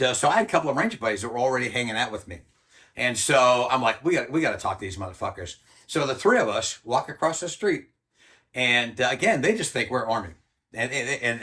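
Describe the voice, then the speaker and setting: Older man, interview guest, blunt and profane storyteller, bright forceful voice. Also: medium pitch. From United States. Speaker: interview guest, former Army Ranger.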